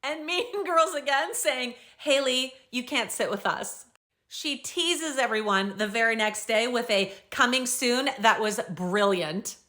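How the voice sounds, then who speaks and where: A woman's voice: a little high, unhurried, pushed and bright. A young woman host recapping and reading out social media comments in an upbeat, bubbly way.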